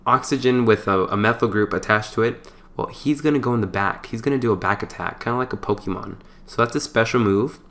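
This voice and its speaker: A man giving a casual chemistry lesson, explaining step by step in a relaxed, chatty way with playful asides and small stumbles. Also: mid-range voice. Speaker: chemistry tutor. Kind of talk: casual whiteboard lecture.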